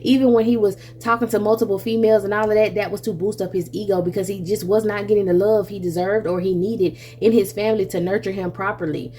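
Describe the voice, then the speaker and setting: A woman giving a casual tarot reading, animated and chatty, who laughs often, swears freely and calls the listener baby and honey. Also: medium pitch, quick pace, few pauses, a little hiss or hum. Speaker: tarot reader.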